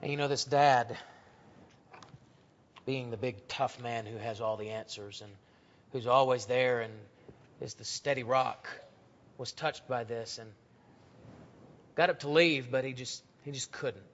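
A man preaching a sermon in a church, telling stories and acting out the voices in them, swinging from loud to hushed. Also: medium pitch, steady tone, a little slow, long pauses. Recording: dull lo-fi recording.

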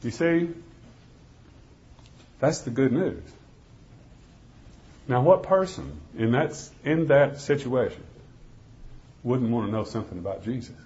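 A man preaches, telling a dramatic first-person story in a middle-pitched voice. He swings between loud pleading and hushed, almost whispered lines. The recording sounds dull and lo-fi. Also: expressive, slow, pauses often.

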